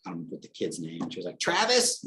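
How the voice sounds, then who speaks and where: A young man with a fairly low voice co-hosts a casual podcast. He tells stories with energy, slips into the voices of the people he quotes, and swears freely. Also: quick pace, slight background noise. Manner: animated storytelling, acts out quotes, swears casually. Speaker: podcast co-host.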